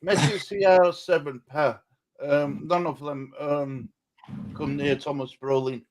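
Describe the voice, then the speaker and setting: English male stream host, higher voice, familiar, says "love" and "mate" a lot. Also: steady tone, unhurried, poor audio. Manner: friendly, calls viewers love and mate. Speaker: fantasy football livestream host. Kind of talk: casual live-stream chat.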